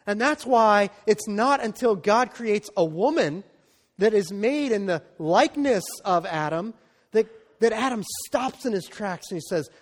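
A man with a notably high voice preaches to his congregation, talking in a loose, conversational way and checking in with the room as he goes. The sound carries a long reverb, as if caught in a large church hall. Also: animated, unhurried. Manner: conversational preaching with frequent "right?" and "okay?" asides. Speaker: pastor. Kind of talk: sermon.

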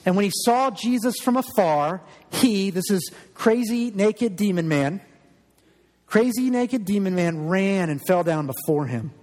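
Male pastor, earnest sermon, emphatic, higher-pitched voice, long echoing church reverb. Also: a little slow, a little mellow. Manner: earnest and emphatic, repeats words.

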